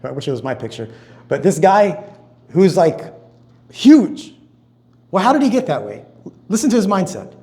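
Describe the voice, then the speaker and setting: A man giving a conference talk in a storytelling sermon style, acting out quotes with big swings in pitch and loudness. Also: very animated, moderate pace, long pauses. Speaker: conference speaker.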